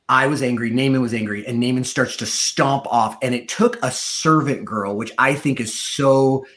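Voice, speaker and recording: A man telling his own story in a sermon, acting out the quoted voices as he goes. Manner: storytelling, acts out quoted voices with rising pitch. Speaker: preacher giving testimony. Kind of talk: sermon testimony.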